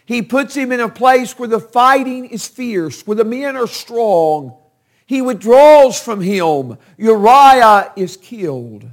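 A man's voice: very high voice, expressive, slow. A man preaching a sermon, retelling a Bible story with emphatic storytelling that stresses key words.

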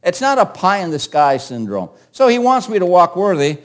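A man preaching a sermon, reading scripture verses aloud and explaining them in an animated way, often repeating words as he restarts. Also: high-pitched, normal speed.

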